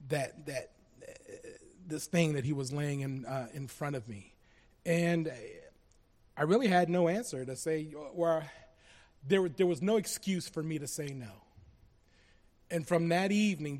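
Man, from Colombia, personal church testimony, earnest and halting, fairly high voice, long hall reverb. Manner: earnest, halting, with many restarts. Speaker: church member giving a testimony.

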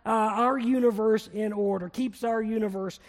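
A man's voice: high-pitched, steady tone, moderate pace. A man preaching a sermon as pastor, repeating his key phrases and leading the congregation in reading aloud. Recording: long reverb of a hall.

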